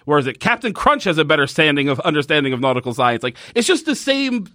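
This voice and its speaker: A man's voice: on the high side, fast, no echo, clean studio sound. Laughing man telling stories casually. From New York State. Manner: laughing, animated storytelling with fillers. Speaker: podcast co-host. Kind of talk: casual chat.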